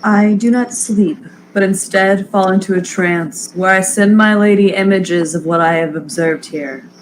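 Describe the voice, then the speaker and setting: A woman plays a tabletop game, calm and a little eerie in her delivery. Her voice sits at a middle pitch with faint ambience behind it. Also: measured pace, a little hiss or hum, rough recording. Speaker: player.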